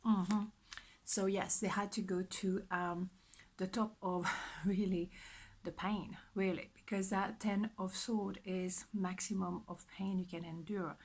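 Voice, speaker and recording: Over poor audio, a woman speaks at a measured pace in a steady, mid-range voice as she offers a general pick-a-card tarot reading. She rambles chattily, repeats herself, reassures herself often, and tends to drop into a soft whisper.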